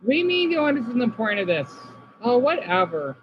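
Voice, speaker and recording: A man from Arizona streaming casually, reading chat comments aloud and reacting, moving between subdued talk and excited outbursts. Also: very high-pitched, quick pace, lo-fi sound, a little hiss or hum.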